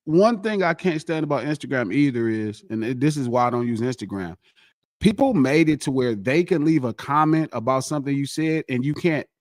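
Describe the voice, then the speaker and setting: A man's voice: medium pitch, lively intonation, fairly quick, no echo, clean studio sound. A man guest on a podcast, chatting casually and boastfully, repeating himself for emphasis. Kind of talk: casual chat.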